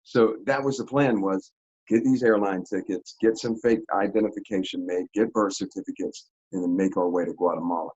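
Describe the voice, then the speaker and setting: A man telling a story in an interview, in a casual, animated, slangy way with frequent laughs. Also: low-pitched, a little fast, lo-fi sound. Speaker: interview guest.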